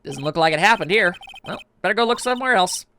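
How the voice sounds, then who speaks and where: A man hosting a let's play, making sarcastic jokes as he plays. His voice is lively, with a wide range of pitch. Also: quick pace, a little hiss or hum. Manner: sarcastic, joking. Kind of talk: gameplay commentary.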